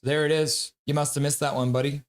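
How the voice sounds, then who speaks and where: A tired man streaming live hockey play-by-play, calling the action in quick running commentary and reading chat aloud between plays. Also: fairly high pitch, little pitch movement.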